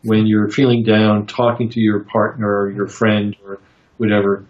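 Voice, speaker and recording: A man answering interview questions about psychotherapy in a halting, reflective way, with many fillers and restarts as he tells stories. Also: lowish voice, monotone. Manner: reflective storytelling. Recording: roomy, dull lo-fi sound.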